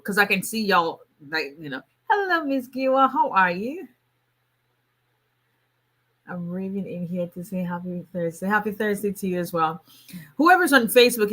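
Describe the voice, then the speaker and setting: Bright-voiced woman attorney chatting live. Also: lowish voice. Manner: chatty, laughs often, frequent restarts. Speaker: immigration attorney hosting a livestream. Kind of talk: casual livestream chat.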